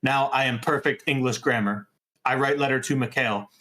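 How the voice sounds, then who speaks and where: A man's voice: mid-range voice, moderate pace, sharp tone, natural voice. A man voicing a boastful, hot-tempered Russian immigrant, reading in a thick put-on Russian accent with broken grammar, as a comic dramatic reading.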